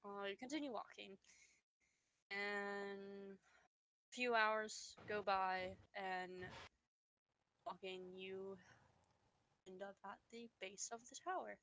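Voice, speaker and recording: A woman narrating as dungeon master of a tabletop game, relaxed and often laughing, with frequent fillers. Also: mid-range voice, takes it slowly, pauses often, poor audio.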